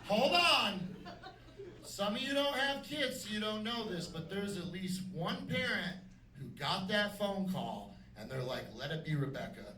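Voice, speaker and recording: A man doing a stand-up comedy set with brash, punchy delivery and dark deadpan jokes. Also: sits high, a little slow. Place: comedy club stage. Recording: echoey club from a distance with noise. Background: audience laughter.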